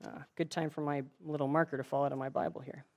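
A woman preaching a sermon in a relaxed, conversational way, retelling a story with frequent restarts. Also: low voice, fast talker, a little hiss or hum. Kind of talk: casual sermon.

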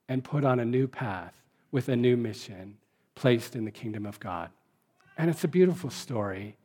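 A male pastor preaching a reflective sermon, slowing down to stress key words, then leading a prayer. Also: mid-range voice, a little mellow.

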